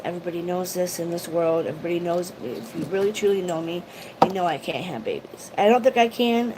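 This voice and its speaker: A woman's voice: medium pitch, noisy background. A woman vlogger chatting casually on a livestream, rambling emotionally and greeting viewers by name. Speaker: YouTube vlogger.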